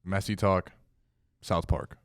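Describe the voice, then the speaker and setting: A man's voice: low-pitched, steady tone, slow pace, dry recording, clean studio sound. A young man co-hosting a casual podcast, easygoing and a bit rambling. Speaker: podcast co-host. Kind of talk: casual chat.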